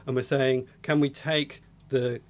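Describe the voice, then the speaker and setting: Measured man explaining speech research. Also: medium pitch, level tone. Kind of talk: explanatory interview.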